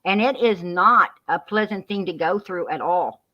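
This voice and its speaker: Preachy woman with a bright, lo-fi voice. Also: lowish voice, normal speed. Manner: preachy, repeats herself, calls people hon and sweetheart. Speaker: guest on a live stream. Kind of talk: heated live-stream chat. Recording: muffled lo-fi live-stream audio.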